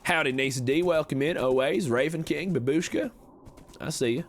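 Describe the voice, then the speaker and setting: A smooth-talking frontier swindler , as a man puts him on for his stream, leaning into a thick Western drawl. His pitch rises and dips all over the place, lively and sing-song, selling every word like snake oil. Folksy patter in a game roleplay. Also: moderate pace, a little hiss or hum. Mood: scheming. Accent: put-on American Western drawl. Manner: folksy, wheedling salesman patter. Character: slick smooth-talking cowboy conman, adult male.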